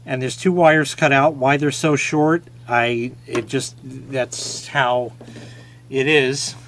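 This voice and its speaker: A man's voice: mid-range voice, steady tone, slow pace, a bit bright, slight background noise. A man casually showing an old gadget on camera, joking and mocking himself as he rambles. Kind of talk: casual show-and-tell.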